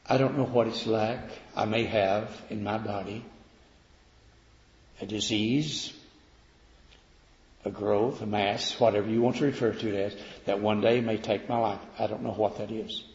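A man preaching a sermon, swinging from loud declaiming to quiet, slow emphasis. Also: lowish voice, fairly even intonation. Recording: echoey hall, dull lo-fi sound.

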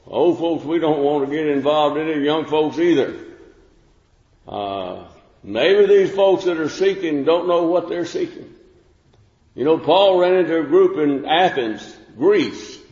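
A man preaching a sermon in a folksy, unhurried way, with fillers and restarts. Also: on the high side, darkish tone. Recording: echoey room with long reverb, dull lo-fi sound.

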